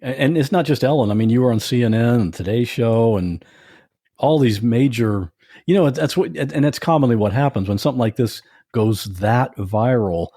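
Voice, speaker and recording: A man hosting a podcast, asking his guest questions in a relaxed, conversational way. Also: mid-range voice, normal speed, no echo, studio quality. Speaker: podcast host. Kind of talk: casual interview.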